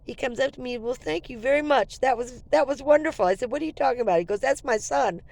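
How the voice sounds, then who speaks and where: An older woman vlogging, telling a story to her viewers in a casual, animated and jokey way. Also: high-pitched, fast talker, gravelly, no room sound.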